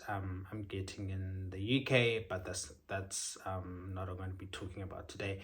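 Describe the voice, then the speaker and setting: A man's voice: sits low, level tone, normal speed, few pauses. A young man, chatting casually and upbeat to his vlog audience. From South Africa. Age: young adult. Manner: chatty, upbeat, frequent ums. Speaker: vlogger.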